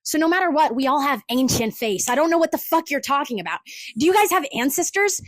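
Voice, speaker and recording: A woman's voice: sits high, lively intonation, fast talker, no room sound, poor audio. A woman hosting a solo podcast, ranting in a profane, exasperated and sarcastic way. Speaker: podcast host.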